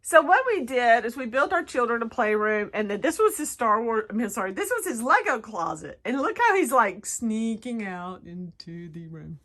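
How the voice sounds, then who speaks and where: A middle-aged woman, chatting in a casual home vlog, gushing and getting emotional in excited bursts, recorded on a handheld phone indoors. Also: fairly high pitch, a little fast, few pauses. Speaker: craft vlogger. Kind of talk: casual chat.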